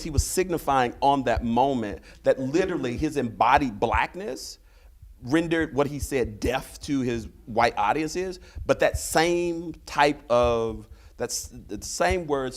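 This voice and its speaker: A male professor lecturing at a panel in a voice of ordinary, middle pitch. He drives each point home with rhetorical questions. He slips into raised voices to mimic the people he quotes. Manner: rhetorical, tags points with "right?". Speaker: history and literature professor.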